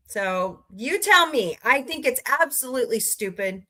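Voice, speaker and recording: Bright, chatty woman livestream host. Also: high-pitched, animated, a little slow. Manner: chatty, greets viewers by name, ranting. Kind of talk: casual chat with live chat readers.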